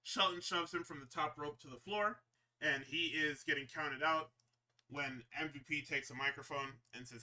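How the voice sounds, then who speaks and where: A man co-hosting a podcast, casually recapping wrestling shows in an animated, profane way and slipping into quick impressions. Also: on the high side. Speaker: podcast co-host.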